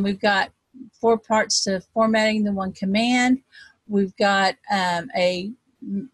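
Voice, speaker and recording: A woman with a Texas accent leads an online coaching group over a computer mic. She talks fast in a loose, chatty way, filling gaps with ums. Her voice is mid-pitched and sits dry, with no room echo. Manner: self-described fast talker, chatty with many ums. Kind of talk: casual webinar teaching.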